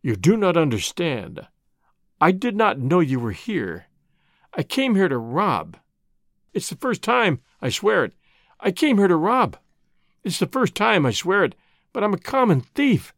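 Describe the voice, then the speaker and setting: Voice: medium pitch, huge pitch swings, measured pace, fairly bright tone, no echo, studio quality, exaggerated voice. A narrator voicing a desperate, ashamed young man who confesses to theft in a choked, pleading voice. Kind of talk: reading a classic short story aloud.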